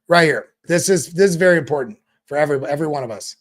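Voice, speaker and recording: A man's voice: on the high side, quick pace. A man hosting a crypto show, giving a casual motivational talk that rambles and often repeats words.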